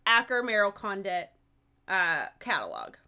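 Podcast host, woman, bright tone, lively and profane storyteller. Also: mid-range voice, unhurried, smooth, highs cut off. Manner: animated, profane, breaks into laughter. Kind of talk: casual storytelling chat.

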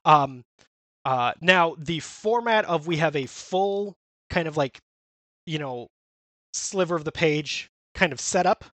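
A man with a fairly high voice talks through a comic in a loose, rambling podcast chat, full of fillers and restarts. The recording is close and dry, with no room sound. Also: expressive, a bit bright, no room sound. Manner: rambling, many fillers and restarts, quick quoted character lines. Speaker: podcast co-host. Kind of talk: casual chat recapping a manga.

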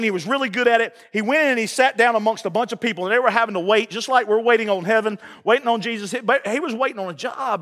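A man's voice: very high voice, pushed and bright, long reverb tail. A man preaching a sermon, folksy and emphatic, with call-and-response asides to the congregation. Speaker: pastor. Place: church sanctuary.

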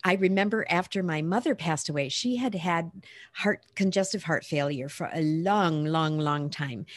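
A woman's voice: sits low, normal speed, dry recording. A woman talking reflectively in a casual podcast conversation, telling personal stories in an earnest way.

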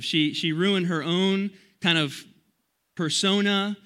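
A young man preaching as a youth pastor at a church youth service. He talks in an energetic, chatty way and often restarts his sentences while he tells stories. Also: sits high, slow pace. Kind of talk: youth sermon with storytelling.

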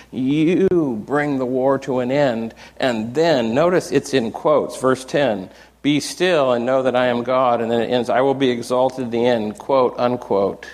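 Conversational older male pastor preaching. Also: medium pitch. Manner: conversational, animated storytelling with acted quotes. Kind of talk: sermon.

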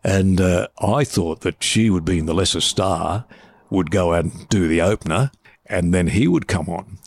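Gravelly older Australian broadcaster. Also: male voice, low-pitched, moderate pace, dry recording. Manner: animated anecdotes with repetitions and restarts. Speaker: veteran radio and TV broadcaster, guest. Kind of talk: casual interview storytelling.

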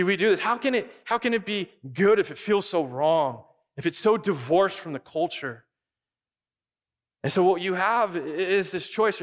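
A man preaching a sermon as pastor, animated and acting out quick imagined dialogue. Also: a little high, long reverb tail.

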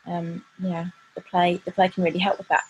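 A woman co-hosting a parenting podcast, speaking thoughtfully and haltingly, with many pauses and restarts. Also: lowish voice, monotone, a little mellow, muffled recording, slight background noise. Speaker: podcast co-host. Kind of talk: casual parenting chat.

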